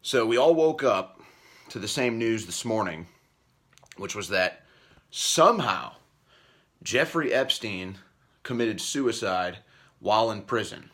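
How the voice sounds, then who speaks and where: A man hosting political commentary, ranting angrily and profanely, repeating himself and swinging from a low mutter up to shouting. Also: lively intonation, takes it slowly, long pauses. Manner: angry, profane, repetitive rant.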